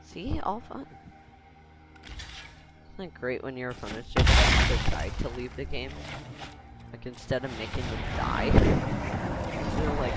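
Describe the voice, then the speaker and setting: Sarcastic man drawling lively gameplay commentary. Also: mid-range voice, unhurried, long pauses, loud music behind the voice. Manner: sarcastic, joking, laughs at himself. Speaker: gaming video host.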